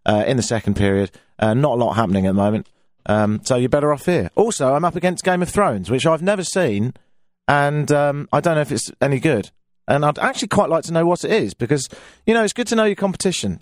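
A man's voice: darkish tone, no echo, studio quality. A man with a London accent hosting a radio talk show, chatting in a self-mocking, rambling way. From England. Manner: chatty, self-mocking, with playful pitch swings. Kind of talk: casual radio monologue. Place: radio studio. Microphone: studio microphone.

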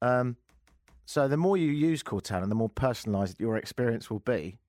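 A man hosting a talk radio show, ranting sarcastically with lively asides from a studio microphone. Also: mid-range voice, moderate pace, no room sound. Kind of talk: opinionated talk radio monologue.

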